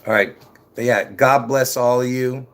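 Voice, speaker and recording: On his religious livestream, a host with a gravelly voice in a middling male range talks at a measured pace, wandering and circling back to the same points before pressing them with sudden excitement. Dentures slightly slur his words, and he laughs when he stumbles.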